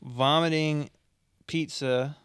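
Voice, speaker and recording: A young man co-hosting a podcast in an easy, joking way, now and then slipping into high falsetto bits of song. His voice is smooth and clear, recorded close and dry with no room sound. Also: fairly even intonation, takes it slowly, fairly bright tone, dry recording. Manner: jokey, bursts into high falsetto singing and impressions. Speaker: podcast co-host. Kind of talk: casual chat.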